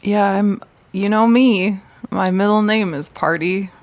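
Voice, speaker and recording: A woman's voice: mid-range voice, measured pace, dry recording. A woman playing in a tabletop game, joking in casual, playful banter. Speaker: player.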